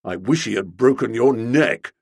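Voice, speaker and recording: A man's voice: mid-range voice, lively intonation, moderate pace, gravelly, breathy edge, dry recording, clean studio sound, pitched below the performer's own voice. A man voicing a resentful young policeman who talks bluntly and grudgingly, in an audiobook. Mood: surly. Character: gruff young male policeman, resentful and menacing. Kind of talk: audiobook character voice.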